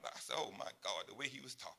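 A pastor in his sixties preaching a sermon in a conversational way, dropping to quiet asides and rising to loud, high exclamations. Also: lively intonation, fast, gravelly. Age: 60s.

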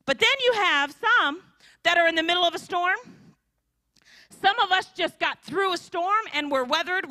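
A woman preaches at a women's conference, and her voice sits high and swings widely in pitch. Her tone is bright, and she acts out the people in her stories. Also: no echo. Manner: animated storytelling with acted-out voices. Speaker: conference speaker. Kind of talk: sermon.

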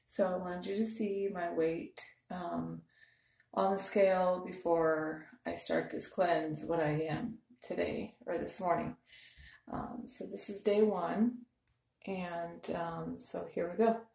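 A woman's voice: fairly low pitch, steady tone, takes it slowly, creaky, dark tone, roomy sound. A woman talking casually to her phone camera at home, chatty and hesitant with many ums. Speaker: vlogger. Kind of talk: casual vlog. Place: home, early morning.

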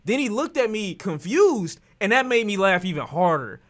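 A man streaming and reacting to a clip in animated, profane casual chat, often breaking into laughter. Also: sits high, normal speed.

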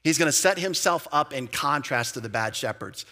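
Bright-voiced man preaching a lively sermon. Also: mid-range voice, brisk, hardly any pauses. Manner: lively, conversational preaching with slang and asides. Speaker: pastor. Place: church sanctuary.

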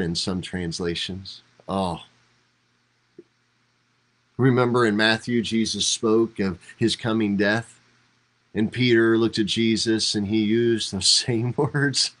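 A man's voice: lowish voice, a bit bright, low-quality recording. A man teaching a devotional Bible study as a pastor, talking conversationally and acting out quoted lines with rising emphasis. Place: church livestream.

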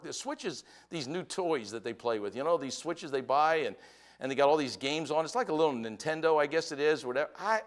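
An older American man delivers a sermon in a folksy storytelling way. His voice sits a little high for a man and leaps up and down constantly, rising sharply whenever he gets excited. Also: a little fast. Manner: folksy storytelling with lively swings in pitch and volume. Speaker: pastor.

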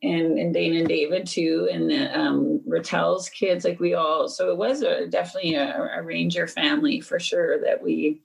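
A woman's voice: lowish voice, steady tone, moderate pace, gravelly, few pauses, rough recording. A woman guest recalling her childhood in a chatty, rambling way, laughing between thoughts. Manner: chatty, laughing, many 'like's. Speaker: interview guest. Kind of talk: casual interview recollection.

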